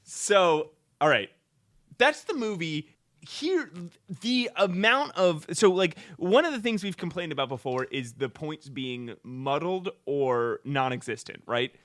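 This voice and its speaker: A man co-hosting a comedy podcast, talking in an animated, rambling way and laughing often. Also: on the high side, a little slow, no echo. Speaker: podcast co-host.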